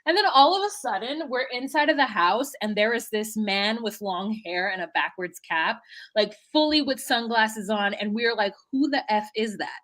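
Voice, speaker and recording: A young woman co-hosting a podcast, recapping a reality show in animated, blunt casual chat and acting out what people said. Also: fairly high pitch, moderate pace. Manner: animated, blunt and swearing, acts out quotes. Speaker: podcast co-host.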